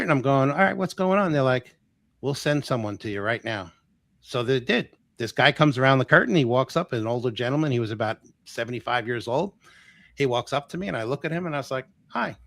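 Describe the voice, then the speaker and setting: Animated man telling a story. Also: mid-range voice, no room sound, studio quality. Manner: animated, acts out quoted dialogue. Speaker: guest healer. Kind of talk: casual storytelling.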